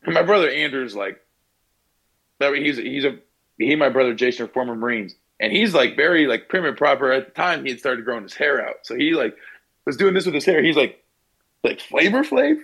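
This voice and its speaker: A man's voice: mid-range voice, lively intonation, fairly quick, creaky, sharp tone, husky, low-quality recording. Chatty young man telling stories. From Pennsylvania, USA. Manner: chatty storyteller, fillers and restarts, mimics people in quotes. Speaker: basketball player, guest. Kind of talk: casual podcast interview.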